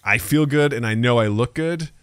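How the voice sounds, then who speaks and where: A man's voice: medium pitch, normal speed, clean tone, dry recording, studio quality. A man in his thirties co-hosting a podcast in casual chat, telling stories animatedly and acting out the people he quotes. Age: 30s. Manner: animated storyteller, acts out quotes. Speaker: podcast co-host.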